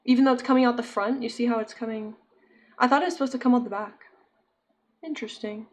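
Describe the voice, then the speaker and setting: A woman's voice: a little high, steady tone, fast. A young woman chatting casually with her viewers while she crochets, giggling often and answering chat. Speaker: streamer.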